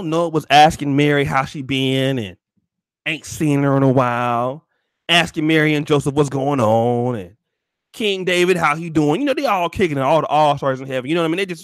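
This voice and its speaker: A man telling a profane comedic story to his stream in animated, slangy talk. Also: on the high side, brisk, no room sound, studio quality.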